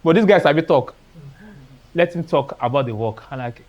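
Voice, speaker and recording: A man's voice: on the high side, lively intonation, fairly quick, darkish tone, dull audio. Nigerian man telling stories at a seminar. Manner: storytelling, acting out dialogue, dropping into Pidgin phrases. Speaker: artist speaking at a seminar. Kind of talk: motivational seminar talk.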